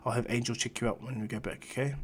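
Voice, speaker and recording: A man voicing a young male ninja who has become a calm, cold god, speaking in a commanding, quietly threatening way. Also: mid-range voice, fast talker, a little hiss or hum, natural voice.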